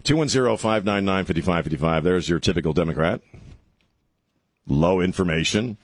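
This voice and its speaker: A man's voice: low voice, fairly quick, dry recording. A man hosting a talk radio show, blunt and brash, laughing often between opinions. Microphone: studio mic.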